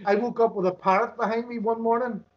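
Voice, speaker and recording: A man's voice: extremely high pitch, fairly even intonation, fast talker, muffled recording. An older man with an Irish accent, a podcast guest telling stories in a casual, chuckling way. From Ireland. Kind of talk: casual storytelling chat.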